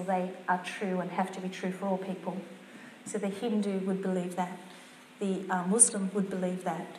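A woman's voice: mid-range voice, slight background noise. Woman preaching in a roomy church. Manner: earnest, conversational preaching with scripture reading. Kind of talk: topical sermon.

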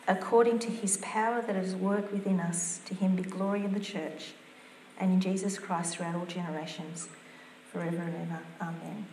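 A woman's voice: on the low side, fairly even intonation, moderate pace, mellow, slight background noise. A woman preaching a topical sermon in an earnest, conversational way, reading scripture aloud. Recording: roomy church sound.

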